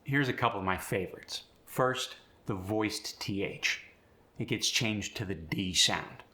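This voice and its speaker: A male accent coach who talks in a slow, measured way. His voice has a bright, forceful edge. He explains one sound change after another and then reads out a model sentence. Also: fairly low pitch. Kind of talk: accent tutorial.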